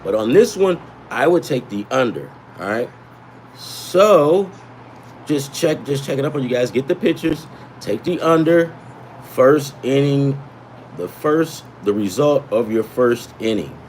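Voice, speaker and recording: A man's voice: mid-range voice, expressive, a little slow, a little mellow, slight background noise. A man hosting a sports betting livestream, rambling and repeating himself as he gives emphatic tips and chats with viewers. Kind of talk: casual livestream talk.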